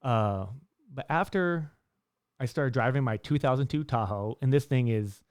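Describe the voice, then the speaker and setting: A young man in a loose, rambling monologue, circling back with restarts and filler words as he talks. His voice sits at a middle pitch and is recorded dry and close, with no room sound. When he retells a story, his voice jumps up to act out the other people. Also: normal speed, clean tone, dry recording. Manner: lively storyteller, pitch jumping up when acting out dialogue. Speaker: vlogger giving life advice. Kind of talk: casual monologue.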